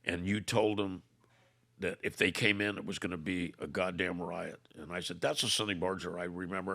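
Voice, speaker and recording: An older man, a podcast guest, telling a story by acting out both sides of an old argument, with halting restarts. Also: deep voice, gravelly, pushed and bright. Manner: retells arguments through quoted dialogue, "I said", "I go". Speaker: podcast guest, former motorcycle club leader. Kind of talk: storytelling in conversation.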